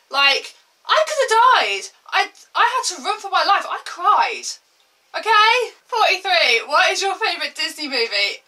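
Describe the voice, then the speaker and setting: Young woman beauty vlogger, casual and dramatic delivery, bright voice recorded slightly off-mic. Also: sits high, recorded from a distance, low-quality recording. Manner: lively, swearing, exaggerating for laughs. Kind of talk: chatty get-ready-with-me vlog.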